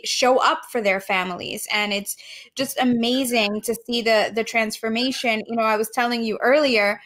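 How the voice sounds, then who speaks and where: A woman co-hosts a casual podcast conversation, speaking with an effusive, heartfelt warmth and frequent laughter. Her voice sits a little high and sounds bright and sharp. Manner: warm, gushing, laughs often. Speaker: podcast co-host.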